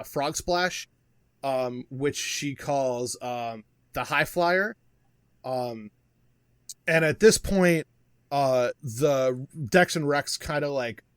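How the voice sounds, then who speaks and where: A man narrating as game master of a tabletop wrestling game, relaxed and explanatory, with many fillers. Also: mid-range voice, clean tone, no echo.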